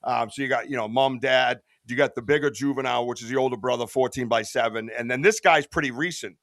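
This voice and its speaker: A man's voice: medium pitch, quick pace, fairly bright tone, no echo, clean studio sound. A middle-aged man in a casual podcast chat, rambling and earnest, tossing in bro and dude. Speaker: podcast guest, Bigfoot researcher.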